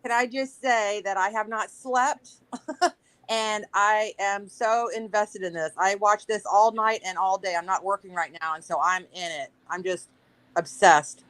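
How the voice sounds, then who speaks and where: A woman's voice: mid-range voice, steady tone, a little slow, fairly bright tone, rough recording. A woman calling in to a live talk show, speaking in an emotional, rambling and insistent way. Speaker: caller. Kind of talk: casual call-in chat.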